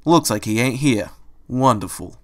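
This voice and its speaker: A man voicing a gruff, streetwise male rabbit who grumbles in tough-guy slang. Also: medium pitch, lively intonation, a little slow, lightly acted. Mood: grumbling.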